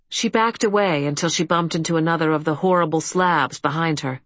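Low-voiced woman reading a story. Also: fairly quick, few pauses, dry recording. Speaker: audiobook narrator. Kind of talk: scripted fantasy narration.

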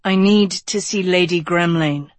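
An audiobook narrator voicing a young king who is impatient, stubborn and quick to take offense. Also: medium pitch, no echo, natural voice. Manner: impatient, insistent.

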